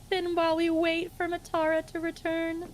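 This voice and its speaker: A woman's voice: very high voice, monotone, normal speed, a little hiss or hum. A woman streamer chatting casually and playfully while she plays a game with a friend, often cooing at the game's mascot. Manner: playful, giggly, talks to the game's mascot in a sing-song voice. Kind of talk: casual gaming chat.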